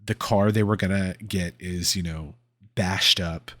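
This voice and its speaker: A man's voice: deep voice, fairly even intonation, a little slow, fairly bright tone. A man hosting a podcast, casually recapping a comic book and rambling with fillers and laughs. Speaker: podcast host.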